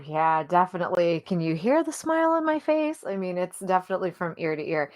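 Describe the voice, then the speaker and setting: A woman's voice: low-pitched, no echo, clean studio sound. A woman co-hosting a fan podcast, chatting cheerfully and gushing. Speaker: podcast co-host. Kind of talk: casual chat.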